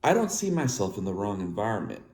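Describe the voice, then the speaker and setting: A man in his thirties with a slight lisp, talking in a halting way to his viewers, with restarts and filler words. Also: on the low side, very animated, a little mellow. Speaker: vlogger. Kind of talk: personal talk to viewers. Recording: echoey room with faint ambience.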